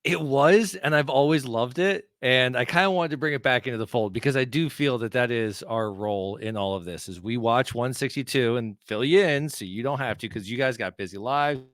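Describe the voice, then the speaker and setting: A man's voice: medium pitch, fairly quick, hardly any pauses, a bit bright, no room sound, clean studio sound. A man co-hosting a sports podcast in a casual chat, with a wry, sarcastic, cheeky manner. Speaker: podcast co-host.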